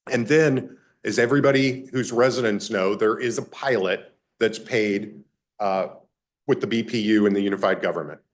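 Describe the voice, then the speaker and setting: A man at an average pitch presents a project to county officials in a government meeting chamber. He speaks formally and stacks his points in repeated lists, running through revenue figures one by one.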